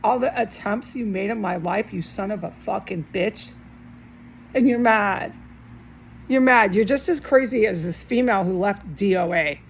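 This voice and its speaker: A woman's voice: mid-range voice, vocal fry, slight background noise, poor audio. A woman filming herself at home, talking to the camera in an agitated rant full of swearing. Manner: agitated, ranting, heavy swearing. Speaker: vlogger. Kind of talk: angry rambling monologue to camera. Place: indoors at home.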